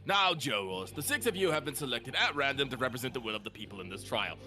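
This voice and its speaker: A man voicing a haughty British male prosecutor in a game playthrough, speaking slowly and gravely with contempt. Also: mid-range voice, expressive, pushed and bright, soft background music. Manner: slow, grave, contemptuous delivery.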